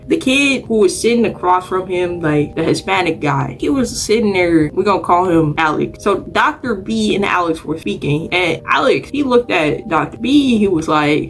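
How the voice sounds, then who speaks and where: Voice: mid-range voice, animated, normal speed, few pauses, fairly bright tone, faint music behind. A young adult student from Dallas, Texas, telling school stories in a casual storytime vlog, chatty and digressive, often correcting themselves mid-sentence.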